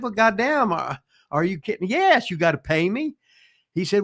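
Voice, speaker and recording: A man's voice: sits high, very animated, normal speed, a bit bright. An older man tells rambling, profane wrestling stories, full of restarts and folksy asides. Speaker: retired pro wrestler answering listener questions. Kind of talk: casual storytelling chat.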